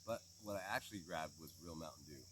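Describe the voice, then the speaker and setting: A man's voice: a bass voice, quick pace, fairly bright tone, a little hiss or hum. A man co-hosting a casual outdoor chat, laid-back and rambling with chuckles. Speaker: co-host.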